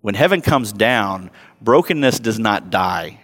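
A man in his thirties preaching a sermon as a pastor, conversational and self-mocking, telling stories and rising loud when he acts them out. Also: lowish voice, expressive, measured pace. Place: church sanctuary. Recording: long hall reverb.

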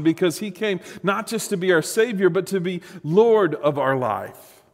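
Earnest preaching man in a reverberant hall. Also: a little high. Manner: earnest, animated preaching with repeated restarts. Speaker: pastor. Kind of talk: sermon.

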